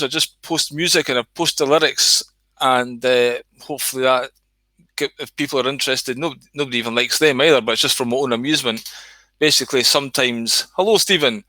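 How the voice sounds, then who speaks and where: A man's voice: mid-range voice, bright, forceful tone, no room sound. A Scottish man hosting a casual, rambling livestream chat, swearing now and then and greeting viewers by name. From Scotland. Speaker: livestream host.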